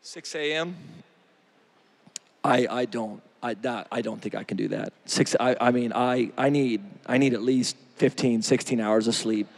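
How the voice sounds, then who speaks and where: A man's voice: medium pitch, gravelly, pitched below the performer's own voice. A man voicing a young man who stammers out whiny excuses about getting up early. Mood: whiny stammering. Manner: halting, stammering, mumbled excuses.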